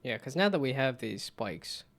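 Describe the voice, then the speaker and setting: A man chatting casually on a live stream while building a game, rambling and self-mocking, with frequent laughter and silly high whoops. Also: big pitch swings, moderate pace, creaky, fairly bright tone.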